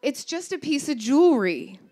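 Woman playing an elderly grandmother in a story; calm, firm, soothing, lively melody. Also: sits high, moderate pace, voice pushed up. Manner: soothing, matter-of-fact.

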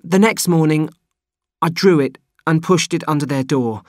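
A man's voice: fairly high pitch, normal speed, no echo, studio quality, voice pushed up, natural voice. A man reading an audiobook, voicing a young male backpacker who pleads and defends himself in a raised, strained voice. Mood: anxious, defensive.

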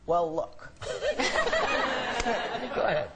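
A man giving a halting, chuckling recorded message of thanks. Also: muffled recording, heavy background noise.

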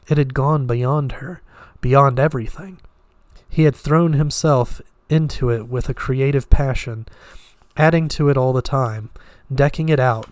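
A man reads a classic novel aloud in a steady, mid-pitched voice, now and then tripping on a word and starting it over. The recording is dry and close, with no room sound. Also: no echo. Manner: steady, with occasional slips and restarts. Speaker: reader.

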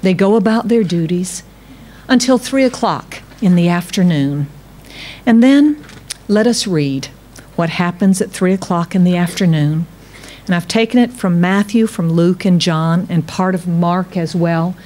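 A woman pastor preaching a sermon, reading scripture aloud and speaking straight to her congregation, slowing and dropping low on key words and rising for emphasis. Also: warm tone. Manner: dramatic pauses, slows and drops low on key words, rises for emphasis; reads scripture aloud, addresses congregation directly.

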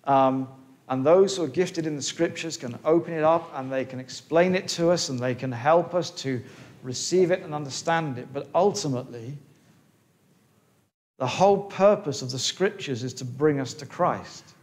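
A man giving a sermon in a church, earnest and halting, often restarting his words. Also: a little high, a little mellow. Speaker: preacher. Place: church hall.

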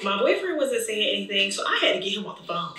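A woman vlogger telling an emotional story in an animated, chatty way, talking straight to her viewers. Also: medium pitch, quick pace. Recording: echoey room, distant mic.

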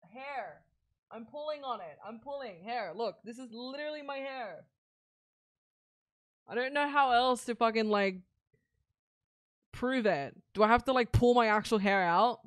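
A woman's voice: on the high side, no room sound, studio quality. A young woman streaming games live, swearing constantly and ranting at the game when it frustrates her.

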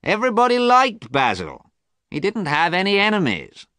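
A cynical, amused gentleman who drawls his words slowly , as a storybook narrator puts him on. His pitch moves widely over a dry, close sound. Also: huge pitch swings, no room sound, exaggerated voice. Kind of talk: storybook character reading.

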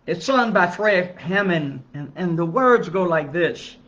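A male minister teaches a Bible study with a slightly high voice, steady and earnest, lifting into emphasis on the points that matter. The recording is dull and lo-fi, with the top end muffled. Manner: measured, earnest teaching with emphatic rises on key phrases. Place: church.

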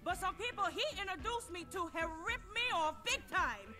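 A woman's voice: very high-pitched, very animated, moderate pace. An actress playing a hard-nosed, foul-mouthed female crime boss in a video game, blunt and bossy. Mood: angry.

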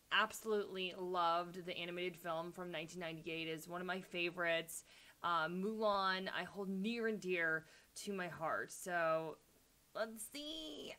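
A young woman with a lowish, sharp, resonant voice comes through clearly as she hosts a casual YouTube trailer reaction video. She's chatty and gushing, sprinkling in plenty of ums and likes.

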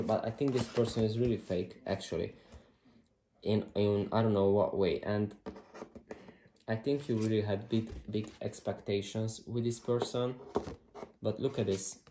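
A man doing a casual tarot reading to camera, blunt and excitable, swearing freely as he thinks aloud. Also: on the low side, normal speed, slight background noise. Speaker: tarot reader. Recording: roomy echo.

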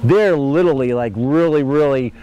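A man's voice: medium pitch, normal speed, warm tone, clean tone, lo-fi sound. A man hosting a casual gardening show outdoors at a farm, joking and talking to goats like a work crew. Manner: jokey, talks to the goats like workers.

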